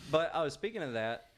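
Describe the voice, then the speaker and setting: A man co-hosting a podcast, telling a rambling, laugh-filled story in casual chat with plenty of swearing. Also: fairly high pitch. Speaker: podcast co-host.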